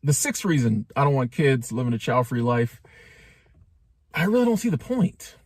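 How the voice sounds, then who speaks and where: A man's voice: medium pitch, very animated, moderate pace, a little mellow, husky, no echo. A man in a casual monologue, sassy and wisecracking as he gives his views.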